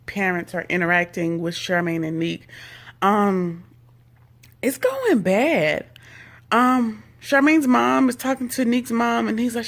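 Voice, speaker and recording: A woman chatting casually as she recaps a reality TV episode, full of sassy, gossipy asides. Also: medium pitch.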